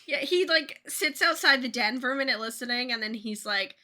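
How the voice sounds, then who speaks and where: A young woman co-hosting a casual book podcast, retelling a story in a chatty way with quick voiced asides. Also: fairly high pitch, expressive, pushed and bright. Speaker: podcast co-host.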